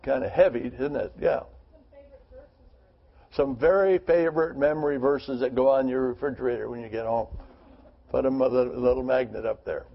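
A man's voice: medium pitch, moderate pace, vocal fry, lo-fi sound. A man leading a Bible study group, reading scripture aloud and then talking it over earnestly with rhetorical questions.

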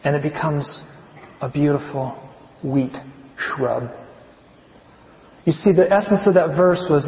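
A man from California, a chemistry professor, giving an earnest personal testimony, confiding and softening on heartfelt points. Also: a little high, takes it slowly, pauses often. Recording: echoey hall, muffled sound.

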